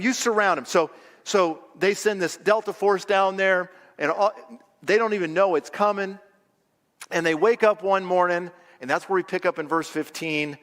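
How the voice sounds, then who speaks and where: A male pastor with a notably high voice delivers a lively, dramatized sermon from a church stage. His words ring out with a long reverb off the hall around him. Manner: animated storytelling preacher, acting out scenes. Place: church auditorium.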